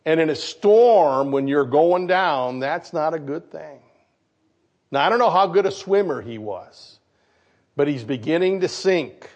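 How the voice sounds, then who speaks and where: A man from Michigan, a pastor preaching a sermon, animated and putting questions to his congregation. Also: fairly high pitch, unhurried. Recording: dull lo-fi recording.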